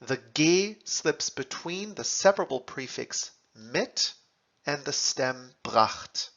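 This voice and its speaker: Very slow, gravelly man teaching. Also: on the high side, lively intonation, fairly bright tone. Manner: deliberate, spells out German words and translations. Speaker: language teacher. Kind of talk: scripted lesson narration. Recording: dull lo-fi recording.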